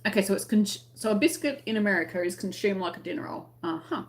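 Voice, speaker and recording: A woman's voice: mid-range voice, big pitch swings, fast talker, vocal fry. An Australian woman hosting a crochet live stream, chatting casually and reading out viewer comments, friendly and laughing often. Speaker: crochet channel host.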